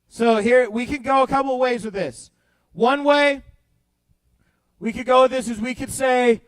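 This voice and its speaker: A young man leading a youth group Bible talk, playful and animated, swinging between loud bursts and hushed storytelling. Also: extremely high pitch, moderate pace, no room sound, low-quality recording. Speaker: youth pastor.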